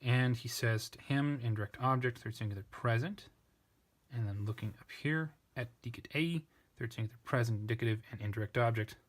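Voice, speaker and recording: A man's voice: medium pitch, fairly quick. A man tutoring a parsing lesson, working step by step, thinking aloud and correcting himself as he goes. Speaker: language tutor.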